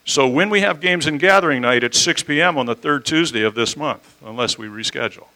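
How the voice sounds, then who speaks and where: A man's voice: fairly high pitch, fairly quick, sharp tone, poor audio. A man preaching an expository sermon as a pastor in a church, talking conversationally and asking his listeners questions. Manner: conversational, asks the audience questions. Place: church sanctuary.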